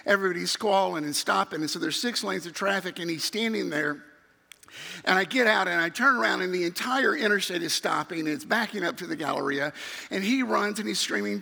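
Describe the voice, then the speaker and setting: A middle-aged man preaching with a bright, high, gravelly voice. He tells his story with animation and acts out the other people in it. His voice rings through a church hall with a long echo. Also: a little fast. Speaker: youth minister. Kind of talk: sermon storytelling. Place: church sanctuary. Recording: reverberant hall.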